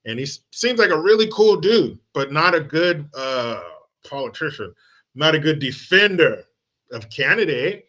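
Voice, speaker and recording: A man hosting a political commentary video, ranting in a mocking, profane and animated way. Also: a little high, normal speed. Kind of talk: comic political rant vlog.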